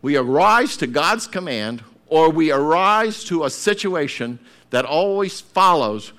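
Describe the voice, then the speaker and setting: A man preaching a sermon, acting out voices and breaking into shouted calls to get up. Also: on the high side, animated, a little slow.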